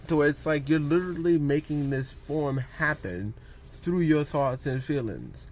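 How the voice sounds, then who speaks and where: A man rambles through a loose talk on meditation and posture, tossing in "you know what I'm saying" again and again. He slips into quick voices for what people say, and his voice sits a bit high for a man. A faint hum of the room stays behind him. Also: darkish tone. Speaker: vlogger.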